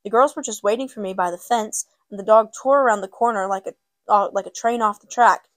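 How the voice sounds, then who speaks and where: A woman reading aloud and voicing an aunt who hushes a crying child and blames herself. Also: medium pitch, brisk, dry recording, close to an everyday voice. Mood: distressed. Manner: hushing, soft. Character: soothing, guilt-ridden aunt.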